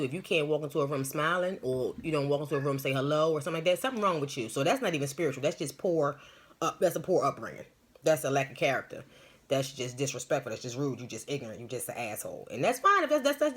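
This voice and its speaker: A woman's voice: sits low, breathy edge. A woman hosting a live stream as a spiritual medium, telling stories and giving advice in a rambling, emphatic, slangy way.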